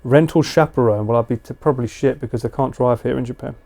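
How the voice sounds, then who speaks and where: A man's voice: mid-range voice, fast, creaky, hardly any pauses, dark tone. A British man chatting casually and slangily with viewers on a live stream. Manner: chatty, laid-back, slangy.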